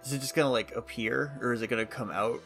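A man's voice: mid-range voice, fast talker, a bit bright, soft background music. A man playing a tabletop role-playing game, casual and laughing often. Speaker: player.

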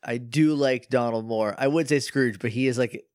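A man's voice: medium pitch, normal speed, darkish tone, no echo, studio quality. A man co-hosting a casual podcast, joking and often laughing as he reacts to his co-host. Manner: laughs often, jokes and chimes in with short reactions.

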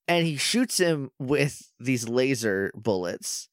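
Animated male podcast co-host, lively pitch. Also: dry recording, studio quality. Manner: animated, recounts scenes with quick impressions. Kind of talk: casual chat recapping a show.

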